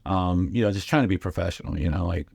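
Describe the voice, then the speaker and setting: A middle-aged man spins loose, rambling stories, often jumping into lively voices for the people in them. His voice sits on the low side, and the dry, close recording leaves no room sound. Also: quick pace, creaky, slightly rough, no room sound. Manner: animated anecdotes with lively impressions, frequent fillers. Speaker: guest comedian and radio host. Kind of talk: casual storytelling.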